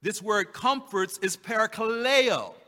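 Bright high-voiced man preaching in a hall. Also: expressive. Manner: slow emphatic repetition, drawn-out scripture readings. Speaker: pastor. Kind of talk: sermon. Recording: long hall reverb.

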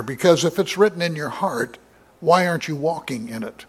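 A man preaching a Bible study sermon, reading scripture aloud in a measured way with many fillers and rising for emphasis. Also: medium pitch, animated, a bit bright, breathy edge. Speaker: pastor.

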